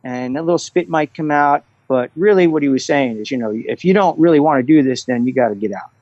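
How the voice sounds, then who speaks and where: A middle-aged man and coach, speaking as a podcast guest and telling stories in a relaxed way. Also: a little high, brisk, no room sound, muffled recording. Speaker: guest, restaurant executive and coach. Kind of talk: conversational interview.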